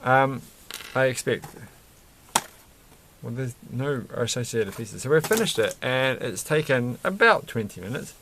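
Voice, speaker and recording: A man's voice: medium pitch, lively intonation, a little slow, background noise. A man chatting casually and rambling while he builds a toy set, chuckling often and breaking off mid-sentence. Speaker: vlogger building Lego sets.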